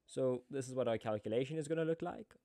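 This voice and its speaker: A man's voice: mid-range voice, fast talker, dark tone, no room sound. A man teaching accounting in a tutorial, chatty, with joking asides. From South Africa. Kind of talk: screen-recorded tutorial.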